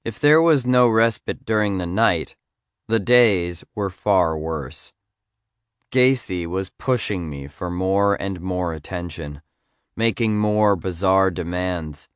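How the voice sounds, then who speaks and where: Guy reading a memoir audiobook, low voice, dead dry studio sound. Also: slow pace, clean tone, dry recording. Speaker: audiobook narrator.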